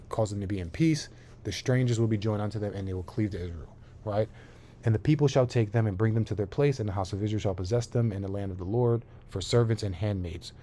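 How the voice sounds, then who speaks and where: A man's voice: fairly low pitch, warm tone, a little hiss or hum. A man teaching scripture online, reading verses aloud and often checking in with "right?" while restarting his phrases. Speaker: bible teacher.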